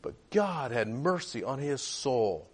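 A man's voice: mid-range voice, sing-song, takes it slowly. A male preacher telling a story in a sermon, retelling a conversation and acting out the quoted voices.

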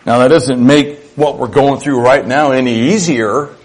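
Slow, husky-voiced male preacher. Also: mid-range voice. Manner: earnest, conversational preaching with acted-out dialogue. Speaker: pastor. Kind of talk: sermon.

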